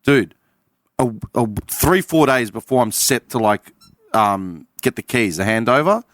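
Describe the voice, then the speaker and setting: A man's voice: medium pitch, unhurried. A man with an Australian accent telling a casual story on a podcast panel, acting out the other people's lines as he goes. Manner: animated storyteller acting out quoted dialogue.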